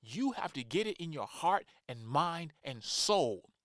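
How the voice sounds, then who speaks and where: Impassioned preacher guy, kinda high voice, dead dry sound. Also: big pitch swings, a little slow, a bit bright, dry recording. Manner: impassioned, emphatic, acts out quoted voices. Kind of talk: sermon.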